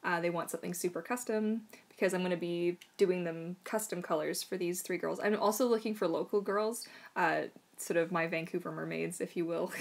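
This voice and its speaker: A woman hosting a casual live Q&A stream as a mermaid tail maker, chatty and bubbly, with lots of fillers and frequent laughter. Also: fairly low pitch.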